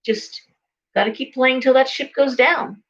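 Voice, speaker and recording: A woman's voice: high voice, fairly even intonation, a little slow, highs cut off. A woman in her forties talking casually, a chatty storyteller who acts out the voices she quotes. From California. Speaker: psychic shop owner and host. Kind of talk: casual talk to camera.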